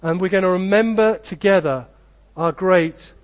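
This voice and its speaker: Earnest high-voiced male pastor preaching. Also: normal speed, dull audio. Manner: earnest, rhythmic preaching with short repeated phrases. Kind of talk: sermon with storybook reading.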